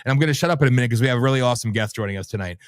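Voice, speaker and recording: A man hosting his own stream, ranting in a loud, brash way and swearing freely. His delivery is sarcastic and animated, and his voice sits in an ordinary middle register. The sound is close and dry, with no room echo. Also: mid-range voice, rapid-fire, clean tone. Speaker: livestream host. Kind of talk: ranting commentary.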